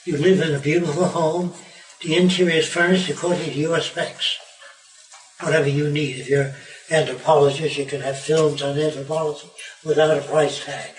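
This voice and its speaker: An elderly man over ninety giving a rambling, animated talk to visitors as a tour guide. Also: fairly high pitch, reverberant, distant mic, a little hiss or hum, low-quality recording.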